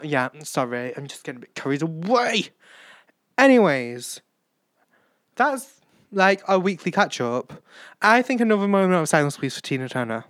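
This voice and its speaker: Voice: medium pitch, big pitch swings, normal speed, pauses often, a bit bright, dry recording, studio quality. A late-teen podcast host with a British accent, rambling through a casual solo catch-up in a chatty, self-mocking way. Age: late teens.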